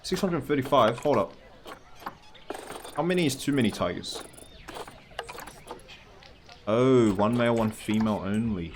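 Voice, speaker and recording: A man's voice: medium pitch, animated, a little slow, pauses often, a little hiss or hum. A man from Massachusetts giving casual, rambling let's-play commentary and chatting to the animals on screen. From Massachusetts, USA. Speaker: gameplay commentator. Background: faint game soundtrack music.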